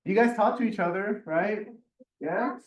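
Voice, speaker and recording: Man, high voice, upbeat meeting host, chatty, echoey room, distant mic. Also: measured pace, highs cut off. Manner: enthusiastic, chatty, repeats words. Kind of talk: energetic meeting hosting. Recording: echoey room, heard from afar.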